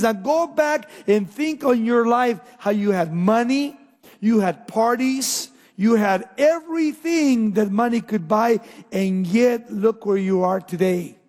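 Man preaching, high voice, emphatic questions, dramatic pauses, echo of a large hall. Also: lively intonation, darkish tone. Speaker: pastor. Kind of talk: sermon.

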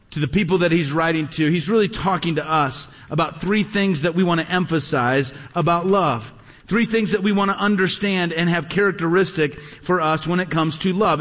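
Male pastor, middle-aged, high-pitched, emphatic and repetitive sermon delivery; live church hall with long reverb. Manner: emphatic preaching with repetition and rhetorical questions.

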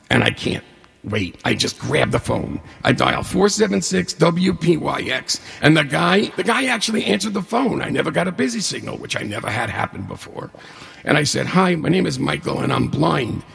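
A man in his forties or older telling a personal story, a lively storyteller who acts out the dialogue with humor. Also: fairly high pitch, normal speed, gravelly, breathy edge. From New York State. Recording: hall reverb.

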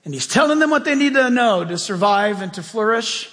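A man preaches from the pulpit in a strikingly high voice. His talk is emphatic and conversational, full of folksy asides. Long reverb from a large church hall trails every phrase. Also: lively intonation, brisk, fairly bright tone. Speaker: pastor. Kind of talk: sermon.

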